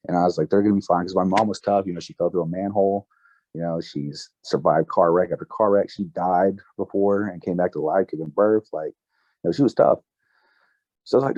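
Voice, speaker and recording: A man in his twenties, a podcast guest, telling a personal story in a casual, halting way with many fillers and restarts. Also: low-pitched, darkish tone, no echo. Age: 20s. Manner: emotional, recounting grief.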